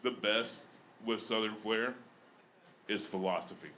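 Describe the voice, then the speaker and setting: Bright-toned Alabama comic on stage. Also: male voice, mid-range voice, expressive, unhurried, a little hiss or hum. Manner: self-mocking, chatty with laughs in the flow. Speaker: stand-up comedian. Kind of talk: stand-up comedy set. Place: comedy club stage.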